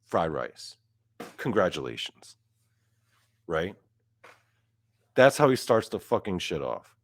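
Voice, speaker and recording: A young man ranting in a comedic podcast monologue, profane and climbing higher and louder whenever he gets outraged. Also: sing-song, slow, no room sound, clean studio sound. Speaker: podcast host.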